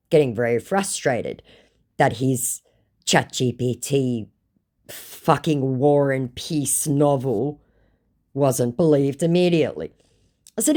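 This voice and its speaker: A woman's voice: rumbling low, slow pace, pauses often, darkish tone. An Australian woman casually recounting a story in a blunt, sarcastic way, swearing freely. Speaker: scam-baiting channel host.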